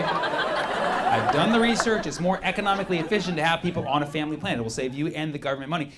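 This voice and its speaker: A male stand-up comedian doing an animated routine, acting out his friends' voices, on a comedy club stage. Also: fairly high pitch. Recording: live club with loud crowd and noise.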